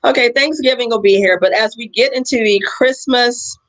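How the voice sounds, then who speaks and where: A woman's voice: fairly high pitch, normal speed, rough recording. A woman hosting a livestream over a video call, chatting casually, laughing often and telling stories with animation. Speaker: livestream host.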